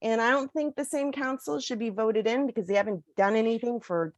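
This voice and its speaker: A woman's voice: fairly high pitch, a little fast, no echo, lo-fi sound. A Canadian woman who works on the front lines of social services, speaking bluntly and angrily at a townhall, with lots of "like" and "you know". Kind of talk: impassioned townhall speech.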